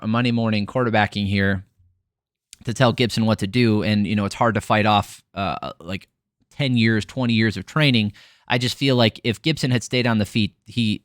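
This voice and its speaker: A man with a fairly low voice runs through fight results in a casual, blunt recap. He swears freely and scatters fillers through his talk. The sound is dry and close, with no room around it. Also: fairly bright tone, dry recording. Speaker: MMA podcast host.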